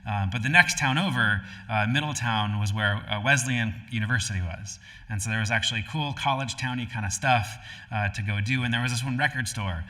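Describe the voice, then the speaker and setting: A male pastor from Connecticut giving a storytelling sermon in a relaxed, conversational way, with frequent fillers and restarts. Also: fairly low pitch, brisk. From Connecticut, USA. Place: church sanctuary. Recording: live-streamed hall with long reverb.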